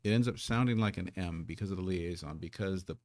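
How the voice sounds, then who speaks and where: A man teaching a live online Korean lesson, patiently explaining and sounding out syllables slowly. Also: low-pitched, darkish tone, no echo.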